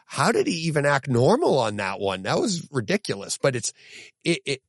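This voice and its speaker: Recorded with clean studio sound and no room echo, this male co-host has a slightly rough, mid-range voice and a moderate pace. He tells stories in a relaxed podcast chat, laughing often and frequently starting over.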